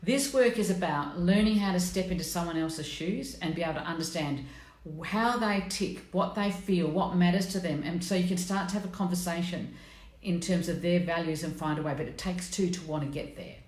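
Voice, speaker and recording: A woman's voice: lowish voice, a little fast, few pauses, darkish tone. A middle-aged woman hosting a live stream, chatting bluntly and with self-mockery, greeting her viewers by name. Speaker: host of a personality coaching live stream. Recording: echoey room.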